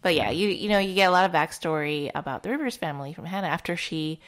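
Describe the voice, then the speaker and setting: A woman co-hosting a book podcast in casual chat, thoughtful and quick to laugh. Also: low-pitched, fairly bright tone. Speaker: podcast co-host.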